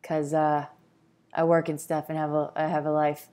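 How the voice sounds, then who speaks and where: A young woman recapping a reality show in a casual vlog, sassy and profane, breaking into sing-song shouts. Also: low voice, completely flat delivery, moderate pace. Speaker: recap vlogger. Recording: echoey room.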